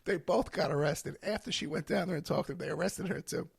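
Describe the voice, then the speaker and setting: A man with a hoarse, worn-out voice telling a story and giving advice as a podcast guest, acting out the voices he quotes. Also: fairly high pitch, fast talker, a little hiss or hum. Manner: animated, acts out quoted voices. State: hoarse, losing his voice.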